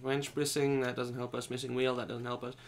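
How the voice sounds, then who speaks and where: A man's voice: mid-range voice, level tone, fairly quick. A young man co-hosting a let's play, joking and swearing playfully as he plays. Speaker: gaming channel co-host. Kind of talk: casual let's play commentary.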